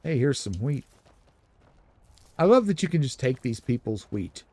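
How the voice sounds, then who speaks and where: A man's voice: mid-range voice, sing-song, measured pace, darkish tone, husky. A man giving casual, rambling commentary while streaming a video game. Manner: chatty, rambling, explanatory. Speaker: gaming streamer.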